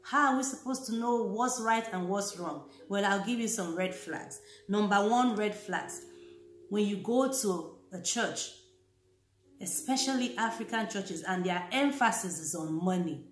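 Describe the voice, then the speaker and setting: A woman's voice: medium pitch, unhurried, soft background music. Earnest woman warning, echoey room. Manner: earnest, warning, repeats key phrases. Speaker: Christian vlogger. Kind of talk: casual talk to camera.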